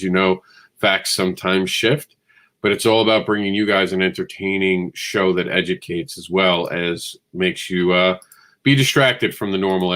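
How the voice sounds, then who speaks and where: A man's voice: low voice, a bit bright. Rambling, enthusiastic man hosting a show. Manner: rambling, enthusiastic and self-deprecating. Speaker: host. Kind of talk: comics news show.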